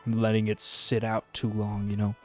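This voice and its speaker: A man's voice: on the low side, completely flat delivery, normal speed, a little mellow, soft background music. A man streaming a game, chatting casually, giggling often and reading on-screen text aloud, sounding worn out. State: tired. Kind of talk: casual live-stream commentary.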